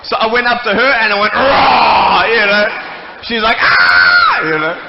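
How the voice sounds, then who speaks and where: A man's voice: high-pitched, fairly quick, raised voice, over a noisy crowd. A man giving a playful, joking talk to a church audience. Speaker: guest speaker. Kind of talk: humorous stage talk. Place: church hall. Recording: echoey hall, muffled, faint noise.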